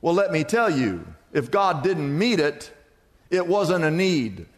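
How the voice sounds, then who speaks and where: High, lively preaching man in a church. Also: takes it slowly. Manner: preaching with rhetorical questions and repetition. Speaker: pastor. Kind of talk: sermon. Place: church sanctuary. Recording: long reverb of a church hall.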